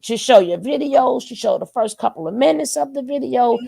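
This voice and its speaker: A woman with a raspy, nasal voice, chatting loudly and boisterously as a guest on a live stream, calling in without video. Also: a little high, expressive, normal speed, no room sound. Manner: loud, boisterous, hypes others up. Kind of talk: casual live-stream chat. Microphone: phone or call audio, no video.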